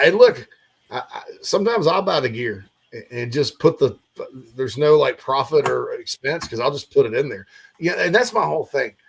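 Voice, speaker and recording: A man's voice: mid-range voice, vocal fry, slightly rough. A man hosting a sports talk show, rambling casually with lots of fillers and restarts.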